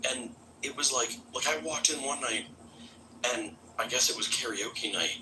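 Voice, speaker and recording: A man's voice: medium pitch, moderate pace, noisy background. A man from Florida in casual live-stream chat, loose and profane with many filler words.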